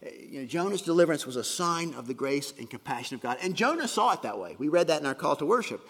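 A man preaching a sermon in an earnest way, with a gravelly, husky voice, dropping to soft whispers for emphasis. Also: on the high side, sing-song, fast talker, in a large hall. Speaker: pastor.

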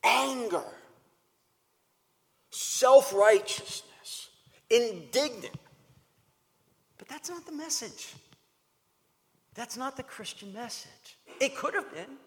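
Male pastor, high voice, very animated delivery, emphatic sermon, reverberant hall. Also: slow pace, pauses often. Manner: emphatic, animated preaching with repetitions.

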